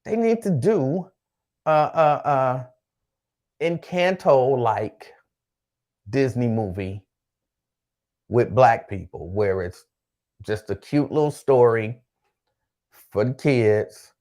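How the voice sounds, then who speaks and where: A man's voice: mid-range voice, lively intonation, slow, long pauses, a little mellow. Laid-back man hosting a live-stream chat. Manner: laid-back, repeats phrases, chats to viewers by name. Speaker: host.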